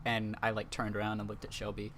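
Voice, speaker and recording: A man's voice: on the low side, monotone, quick pace, a bit bright. Young man, podcast host, rambling anecdote, lots of fillers, casual chat, faint noise behind. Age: young adult. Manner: rambling, filler-heavy storytelling.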